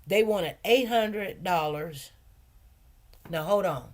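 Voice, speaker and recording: A woman hosting a casual livestream, chatty and rambling, repeating phrases and talking in relaxed informal grammar. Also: fairly low pitch, slow pace, long pauses. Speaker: livestream host and food truck owner.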